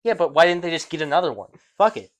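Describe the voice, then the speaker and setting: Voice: medium pitch, animated, quick pace, crowd noise. A podcast co-host poking holes in a theory in casual, argumentative chat with casual swearing. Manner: skeptical, argues, swears casually.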